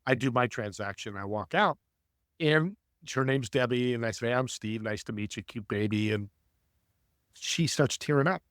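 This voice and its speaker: A man's voice: mid-range voice, normal speed, no echo. A man guesting on a podcast talks with eager, preachy energy, turning to the listeners as he tells his stories. His voice sits in a mid register. The sound is close and dry, with no room around it. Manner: energetic, preachy, speaks to the audience. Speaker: podcast guest, networking coach. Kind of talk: conversational storytelling.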